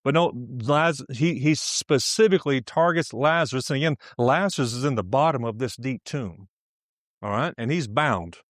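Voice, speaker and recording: A man's voice: mid-range voice, moderate pace, fairly bright tone, dry recording. Emphatic preacher man, dry close sound. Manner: emphatic, laughs often, repeats phrases. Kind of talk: sermon teaching.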